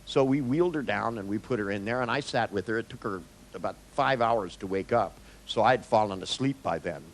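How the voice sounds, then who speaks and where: A man's voice: on the low side, a little fast, creaky, slight background noise, low-quality recording. Blunt, joking male therapist lecturing. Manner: joking, storytelling, blunt, with swearing. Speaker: therapist teaching a seminar. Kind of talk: live seminar talk.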